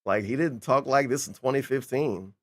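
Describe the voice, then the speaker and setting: A man's voice: mid-range voice, normal speed. Sarcastic man reacting to a clip. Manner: sarcastic, incredulous, swears freely. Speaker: streamer reacting to a video. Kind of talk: casual reaction commentary.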